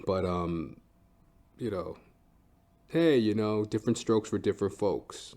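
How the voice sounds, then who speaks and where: A young stand-up comedian hosting his podcast speaks a little slowly in a lowish, dark-toned voice, pausing often as he rambles through a profane rant full of swearing, fillers, and restarts.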